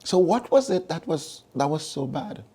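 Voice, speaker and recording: A man's voice: fairly high pitch, very animated, normal speed, dark tone, slightly rough. A man preaching a sermon, emphatic and repeating key phrases as he reasons with the listeners.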